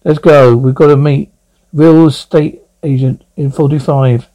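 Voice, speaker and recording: A man's voice: a little high, fairly even intonation, unhurried, dark tone, natural voice, low-quality recording. A man voicing a chatty young lawyer friend who teases and cracks jokes. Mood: teasing. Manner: teasing, wisecracking.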